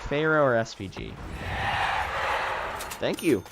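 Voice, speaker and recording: A man's voice: lowish voice, a little slow, over loud music. A man doing casual commentary over an online game, sarcastic and ranting, swearing freely and joking about the other players. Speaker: gaming YouTuber.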